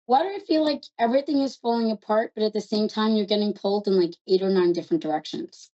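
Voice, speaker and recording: A woman from New York with a New York accent, hosting a call-in psychic reading in a fast, chatty, affectionate way. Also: medium pitch, dark tone, muffled recording. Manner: fast, chatty and affectionate, calls callers love. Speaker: psychic reader host.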